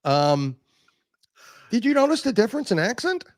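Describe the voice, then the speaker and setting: A man's voice: high voice, very animated, moderate pace, no room sound, clean studio sound. A man co-hosting a podcast in casual chat, sarcastic and crude, swearing freely. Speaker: podcast co-host.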